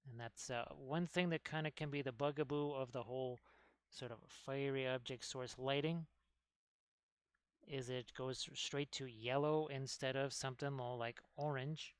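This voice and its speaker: A man's voice: medium pitch, fairly even intonation, normal speed, clear, resonant tone, no room sound. A man hosting a casual miniature painting stream, rambling as he works and chatting with viewers. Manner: rambling, talks while working, chats with viewers. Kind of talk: casual painting tutorial chat.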